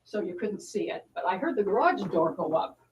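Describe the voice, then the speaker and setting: A woman author telling an animated anecdote to a live bookstore audience, acting out the voices of the people in her story. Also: mid-range voice, fairly quick, lo-fi sound, noisy background. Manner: acts out the voices in her anecdote, lively and self-deprecating. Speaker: author at a book talk. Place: bookstore event room.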